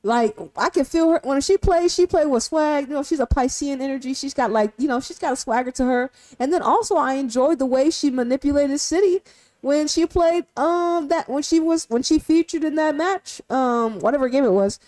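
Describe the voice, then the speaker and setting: A woman streamer in casual, profane commentary who fires off rhetorical questions and swings from loud to hushed. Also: sits high, moderate pace.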